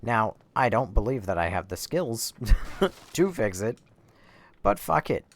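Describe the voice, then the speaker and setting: A young man streams himself playing a horror game, rambling and swearing as he casually commentates. His medium-pitched voice is sing-song and creaky, and he speaks unhurriedly.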